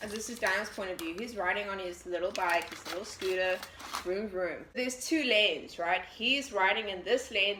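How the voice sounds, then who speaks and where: A woman's voice: medium pitch, background noise. A young woman in her twenties chatting casually while she bakes, telling a story and swearing freely as she jumps between the recipe and the tale. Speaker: vlogger baking and telling a story. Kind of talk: casual story-time chat.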